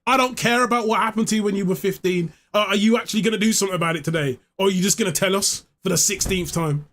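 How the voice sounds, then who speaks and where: A man's voice: high voice, fast, a bit bright. A man streaming live, chatting casually in a rambling, joking way, swearing freely. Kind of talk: casual chat.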